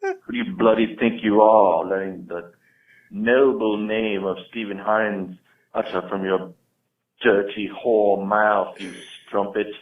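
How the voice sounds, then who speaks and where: Guy doing a fake-british prank caller cussing everyone out, lowish voice, tinny phone. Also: fairly even intonation, reverberant, far from the mic. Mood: insulting. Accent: put-on patchy British accent. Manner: mock-angry, swearing, drawn-out insults. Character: crude angry British-sounding actor, insulting prank caller.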